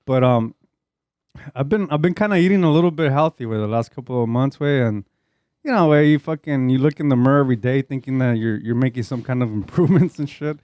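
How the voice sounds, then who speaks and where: A man's voice: mid-range voice, fast, darkish tone, dry recording. A man with a Chicano English accent, a podcast host telling a long casual story, profane and laid-back, slipping Spanish slang in.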